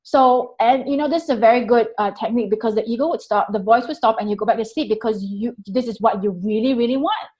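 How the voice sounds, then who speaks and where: A woman guest telling a personal story in a candid, animated way, acting out her own inner voice and swearing freely. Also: a little high, quick pace, hardly any pauses, rough recording.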